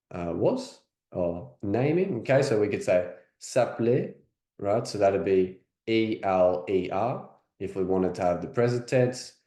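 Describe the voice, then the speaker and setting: A man with an Australian accent teaching French in a casual, chatty way, sometimes repeating phrases slowly to demonstrate them. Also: fairly low pitch, dark tone. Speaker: French coach. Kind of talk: language lesson. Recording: roomy echo.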